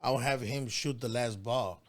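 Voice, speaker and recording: A soft-spoken man with an accent, sitting in as a podcast guest. He talks in halting stops and starts, modest and a little unsure, laughing things off. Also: mid-range voice. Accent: non-native English. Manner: hesitant, halting, many restarts, modest. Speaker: podcast guest, shoe cleaner maker. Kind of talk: casual interview chat.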